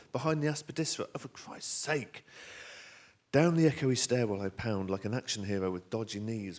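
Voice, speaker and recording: A man with a southern English accent reading his own novel aloud on a theater stage. His reading is lively and wry, with asides to the audience. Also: fairly low pitch. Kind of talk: expressive reading of a novel excerpt. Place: theater stage at a bookstore event.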